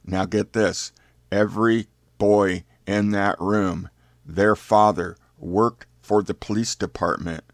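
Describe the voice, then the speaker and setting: An older man telling a youth story in a folksy, unhurried fireside manner. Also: fairly low pitch, steady tone, no echo.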